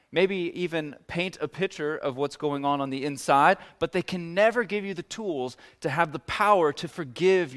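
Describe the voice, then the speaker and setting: Male pastor, casual conversational sermon delivery, animated when voicing scripture figures. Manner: conversational, acts out biblical figures' words with rising pitch.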